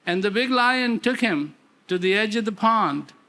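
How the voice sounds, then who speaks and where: Slow, emphatic male storyteller. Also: high voice, animated, bright, forceful tone. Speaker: speaker. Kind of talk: storytelling talk.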